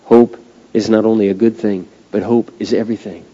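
A male pastor preaching a sermon, swinging from hushed, slow passages to loud, drawn-out climaxes. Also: lowish voice, steady tone, highs cut off. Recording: long reverb of a large hall.

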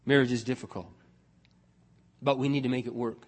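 An older man preaching a sermon as pastor, telling stories in a blunt, emphatic, animated way. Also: medium pitch, brisk. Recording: long reverb of a large hall.

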